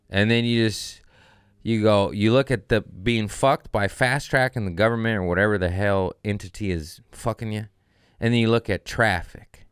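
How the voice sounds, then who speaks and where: A man with a low, smooth and resonant voice, recorded close and dry, talking through a loose comedy podcast monologue. He riffs casually, mocks himself, and swings into profane, heated rants. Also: normal speed, dry recording. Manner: profane ranting with rising outbursts; riffing, self-mocking asides.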